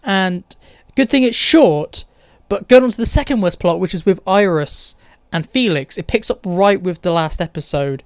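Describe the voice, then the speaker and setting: Blunt, high-voiced reviewer. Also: male voice, lively intonation, moderate pace, no echo, studio quality. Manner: blunt, opinionated and sarcastic. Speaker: TV show reviewer. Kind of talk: casual video review.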